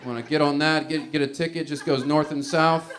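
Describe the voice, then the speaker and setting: Rambling stand-up comedian, slightly high. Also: male voice, fairly even intonation, fairly quick, fairly bright tone, slight background noise. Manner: rambling, conversational storytelling.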